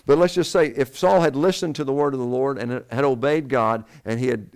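A man preaching a Bible sermon from the pulpit of a church, at an everyday middle pitch. He poses questions to the congregation and then answers them himself. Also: fairly even intonation, brisk, a little mellow, clear, resonant tone. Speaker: pastor.

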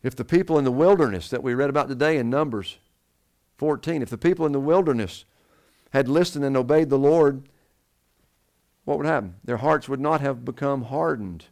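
A man's voice: medium pitch, fairly quick, vocal fry, darkish tone. A man preaching a sermon to his congregation, asking them questions and answering them himself. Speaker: pastor.

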